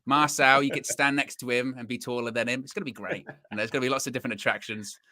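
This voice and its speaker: A man's voice: medium pitch, steady tone, fast talker, sharp tone. A young man hosting a football fan live stream, chatting casually, bantering and plugging the channel. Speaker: host of a football fan show.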